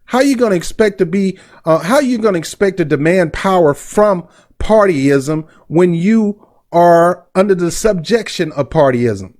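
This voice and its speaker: A man's voice: sits high, expressive, unhurried, darkish tone. A middle-aged man hosting a commentary vlog, blunt and indignant, with street slang. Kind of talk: heated commentary.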